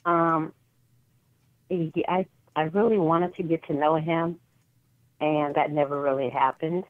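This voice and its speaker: A woman's voice: low voice, fairly even intonation, a little slow, dry recording. A woman calling in to a radio show, speaking hesitantly with many fillers, heard over a phone line. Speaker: caller. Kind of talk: phone-in call.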